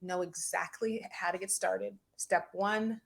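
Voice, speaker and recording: A woman therapist speaking as a podcast guest, reflective and measured, with occasional light laughs. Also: mid-range voice, steady tone, creaky. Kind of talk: interview conversation.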